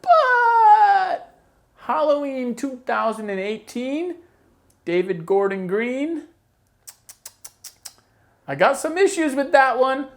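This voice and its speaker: A woman's voice: high voice, expressive, takes it slowly, long pauses. A woman hosting a horror channel, giving a casual opinion rant with exasperated, sarcastic asides.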